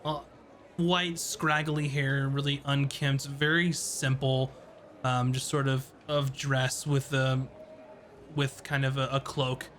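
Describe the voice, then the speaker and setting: A man running a tabletop game as game master, narrating in a rambling, halting way full of fillers. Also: medium pitch, flat delivery, fairly bright tone, a little hiss or hum.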